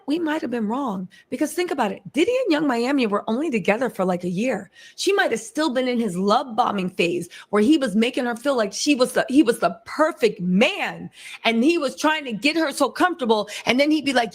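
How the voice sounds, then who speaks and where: A woman giving casual commentary, animated and chatty, talking straight to her audience. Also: fairly high pitch. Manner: animated, talks in quick asides to the audience.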